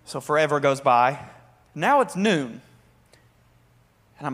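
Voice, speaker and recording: Man, young adult, sermon, lively call-and-response, fairly high voice. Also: slow, pauses often. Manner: energetic, conversational, with audience call-and-response. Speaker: worship leader and preacher.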